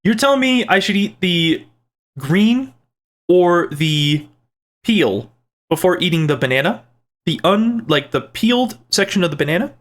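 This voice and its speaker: A man with a fairly high voice chats casually as he reads through comments from his viewers. He rambles, restarts his sentences and tosses in little jokes as he replies, keeping a playful tone throughout. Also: very animated, a little slow, a bit bright. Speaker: channel host reading viewer comments. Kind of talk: casual chat.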